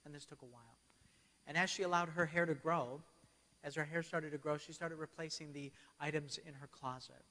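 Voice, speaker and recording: Speaking in a church hall that gives the recording long reverb, a man tells stories as a keynote sermon and keeps checking in with his audience. His voice is on the high side and fairly quick, with a steady, sharp tone.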